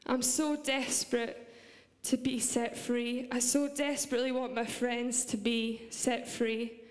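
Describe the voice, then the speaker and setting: A woman's voice: on the high side, little pitch movement, unhurried. Earnest Scottish woman preaching in a hall. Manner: earnest and heartfelt, with light laughs. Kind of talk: church sermon. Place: large church hall. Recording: long reverb of a church hall.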